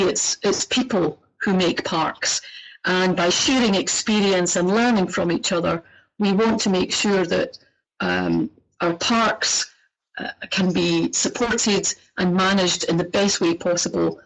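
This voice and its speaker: A woman with a Scottish accent, leading a webinar as executive director, speaking in a friendly but halting way with many fillers over a poor computer microphone. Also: on the low side. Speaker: executive director of a parks network. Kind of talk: webinar presentation. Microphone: computer microphone on a web call.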